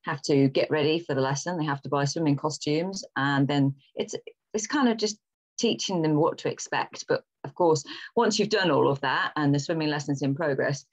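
Low-voiced British woman, muffled call. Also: normal speed. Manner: expressive, laughs often. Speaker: author guest. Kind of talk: casual video-call interview.

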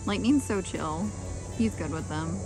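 A horse farm owner vlogs casually from an outdoor horse paddock, her fairly low voice unhurried as music plays in the background. Between remarks she coos affectionately at her horses.

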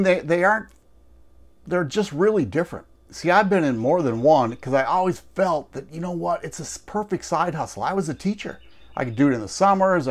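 A man with a slightly high voice gives a direct-to-camera sales pitch for a network marketing business. He talks chattily and tells stories with emphatic asides, like a promoter talking straight to his viewers.

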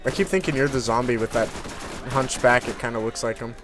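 A man's voice: medium pitch, fairly even intonation, a little fast. A man chatting easily while playing a co-op video game, with frequent uh's and hedges. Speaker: gameplay co-commentator. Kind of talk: casual co-op game commentary.

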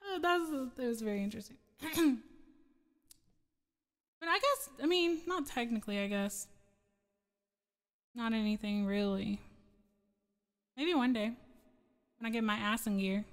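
Woman streamer chatting w her chat, kinda high voice, giggly and all over the place, long reverb on her mic. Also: measured pace, pauses often. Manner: rambling, giggly, scatterbrained. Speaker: streamer and singer. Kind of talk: casual chat with live chat.

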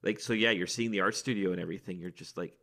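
A man's voice: deep voice, steady tone, fast talker, bright, forceful tone. A man, a priest, speaking reflectively and earnestly in a podcast chat, often restarting his sentences. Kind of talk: casual chat.

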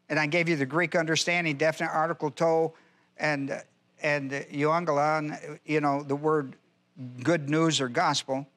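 Emphatic high-voiced male Bible teacher. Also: a bit bright. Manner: emphatic, repeats key phrases, quizzes the class. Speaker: pastor.

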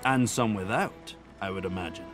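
An actor voicing a middle-aged, calculating gentleman in a video game, smooth and courtly with a faintly sardonic edge. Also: fairly low pitch, normal speed, natural voice. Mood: suave. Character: suave, calculating male ship passenger. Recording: game audio with loud music behind. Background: game music.

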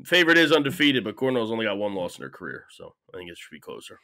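A man with a bright, forceful mid-pitched voice and lively intonation co-hosts a casual sports betting podcast. He is laid-back and reasons through the odds. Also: racing, vocal fry. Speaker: podcast co-host.

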